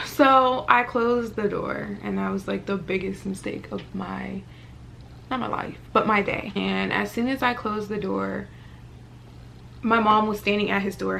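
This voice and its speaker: Twenties woman vlogger, casual storytime, gravelly fry, lively filler-heavy delivery, faint noise. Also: medium pitch. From Virginia, US. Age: 20s. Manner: animated storytelling with lots of fillers.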